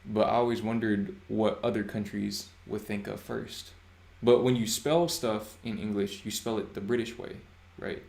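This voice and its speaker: A man in his twenties hosting a casual livestream chat, relaxed and reading chat aloud. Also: lowish voice, normal speed, vocal fry, few pauses, echoey room. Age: 20s. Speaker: livestream host.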